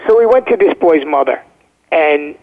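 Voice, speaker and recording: Guest caller: emphatic man, slightly high voice, heard through a tinny phone line. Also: expressive, moderate pace. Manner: emphatic, checks in with "okay?". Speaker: guest, former first responder. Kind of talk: phone-in interview storytelling.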